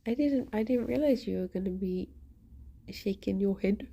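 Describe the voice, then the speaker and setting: A woman's voice: a little high, takes it slowly, long pauses, dark tone, breathy edge. A woman streaming from home, chatting in a rambling, easygoing way and often breaking into laughter. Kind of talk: casual chat to a live stream.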